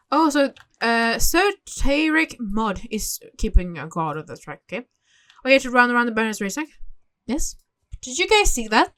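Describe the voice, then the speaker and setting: A young woman hosting a gaming channel, giving casual gameplay commentary with expressive, exclaiming reactions as she thinks aloud. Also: on the high side.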